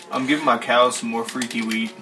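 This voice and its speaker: A man co-hosting a podcast in casual joking chat, teasing and often breaking into giggles. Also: medium pitch. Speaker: podcast co-host. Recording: distant mic with clear noise.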